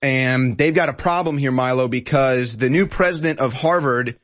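A man's voice: mid-range voice, moderate pace, fairly bright tone. A man hosting a talk show, joking and sarcastic in casual chat. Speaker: host.

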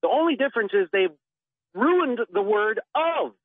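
A man's voice: sits high, big pitch swings, breathy edge, no room sound. A man calling in to a talk radio show, rambling and earnest, heard over a tinny phone line. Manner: rambling, earnest, drawn-out pauses. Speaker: caller.

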